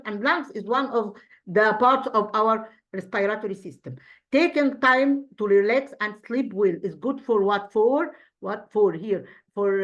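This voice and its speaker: A woman English teacher with an Egyptian accent leads an exam review one step at a time, posing questions and answering them herself while often restarting her sentences. Her voice sits at medium pitch, and the audio is lo-fi.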